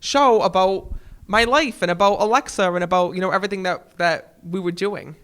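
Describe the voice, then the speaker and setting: A man telling stories as a guest in an interview, animated and acting out the people he quotes. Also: sits high, normal speed, clean tone. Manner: animated, acts out quotes in voices. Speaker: guest, TV psychic. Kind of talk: casual storytelling in an interview.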